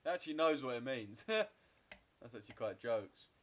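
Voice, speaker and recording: A man's voice: medium pitch, sing-song, normal speed, fairly bright tone. Profane young Englishman chatting on stream. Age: 20s. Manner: loose, profane banter, answering viewers' chat. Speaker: trading streamer. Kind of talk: casual livestream chat while trading.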